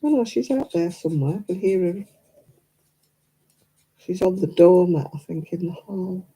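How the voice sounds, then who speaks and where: A middle-aged English woman vlogs to camera in a quiet room at home, chatting casually, laughing often and mimicking other accents. Her lowish voice is mellow with a breathy edge, animated at a moderate pace, though the audio is poor.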